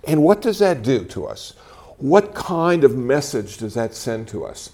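A man's voice: mid-range voice, measured pace. A man in his sixties gives a conversational talk to a live audience, telling stories with wry humor. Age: 60s. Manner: animated storytelling with wry humor. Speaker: speaker giving a talk. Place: talk venue before an audience.

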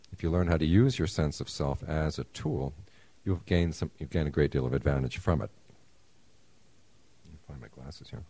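A man giving a Buddhist lecture, explaining in a relaxed, measured way with small asides. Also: rumbling low, breathy edge. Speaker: Buddhist teacher.

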